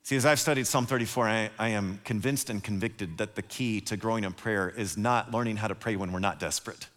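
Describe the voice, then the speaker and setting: A man preaching a sermon as pastor, animated and acting out the voices he quotes. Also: fairly low pitch, a little fast. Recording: long hall reverb.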